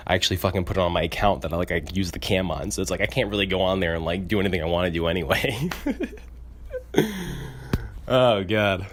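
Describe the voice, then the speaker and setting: Low-voiced man venting in a rambling way. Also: quick pace. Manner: rambling and profane, heavy use of filler "like". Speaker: podcast co-host. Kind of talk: casual venting monologue.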